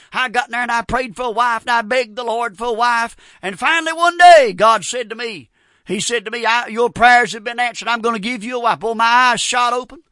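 A male preacher telling stories in a folksy sermon, with a very high, bright voice. He is animated and keeps dropping in amens. The sound is dry and close. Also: no room sound. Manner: folksy, repeats amen, animated storytelling.

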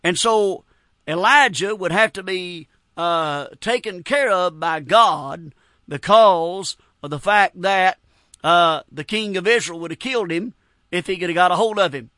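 A man's voice: sits high, measured pace, bright, forceful tone, no echo. A middle-aged man preaching a sermon in an earnest, folksy way, quoting old-fashioned scripture. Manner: earnest, folksy, quotes scripture in King James wording.

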